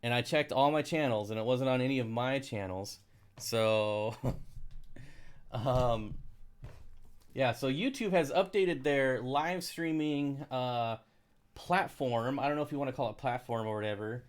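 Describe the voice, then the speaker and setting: A man's voice: medium pitch, measured pace, clean tone. Casual male streamer, rambling chat, dry sarcasm, frustrated asides. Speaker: aquarium channel live streamer. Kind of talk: casual live stream chat reading comments.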